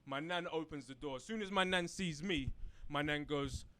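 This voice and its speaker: A man's voice: a little high, normal speed. A young man from England doing a stand-up routine on a comedy club stage, telling a story and tagging lines with "right?" as he acts out other voices. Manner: storytelling with frequent "right?", acting out quoted voices loudly.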